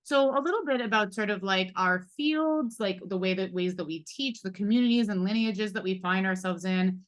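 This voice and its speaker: A woman's voice: mid-range voice, normal speed. A woman in her forties moderating a live roundtable, talking reflectively with many fillers and asides. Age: 40s. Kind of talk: live panel discussion.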